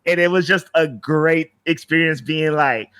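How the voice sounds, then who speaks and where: A man chatting on a podcast, his voice bright and forward and sitting a bit high. He tells a story in a rambling way, full of fillers and false starts. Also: unhurried, smooth. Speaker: podcast co-host. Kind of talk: casual podcast chat.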